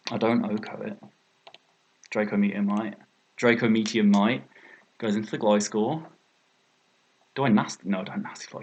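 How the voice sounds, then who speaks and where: A young British man, a gaming video creator, commentates on his own competitive match, thinking aloud and often exclaiming at his mistakes. His voice sits on the low side, with slight background noise.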